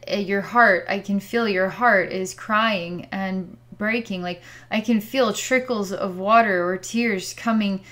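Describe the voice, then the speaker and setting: A woman's voice: mid-range voice, a bit bright. A woman working as a psychic healer, describing what she sees during a distance healing session in a hesitant, word-searching way with sighs.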